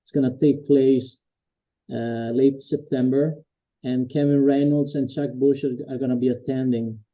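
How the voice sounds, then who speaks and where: A man's voice: medium pitch, fairly even intonation, moderate pace, mellow. Eager male interviewer on dull lo-fi audio. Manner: enthusiastic fan, laughs along. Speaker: interviewer, fan club host. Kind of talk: casual interview.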